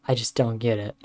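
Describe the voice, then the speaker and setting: A man with a hoarse, worn-down voice gives rambling, excitable live commentary while streaming a game from his room. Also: mid-range voice. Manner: rambling and excitable, joking and laughing. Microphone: desk microphone.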